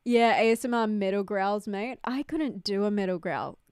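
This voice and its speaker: A woman's voice: medium pitch, normal speed, a little mellow, clean tone, dry recording, clean studio sound. A young woman hosting a casual livestream from home, chatty and giggly, full of "like" fillers, talking into a desk mic. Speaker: livestream host. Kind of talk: casual live-stream chat. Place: home room. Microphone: desk microphone, no headphones.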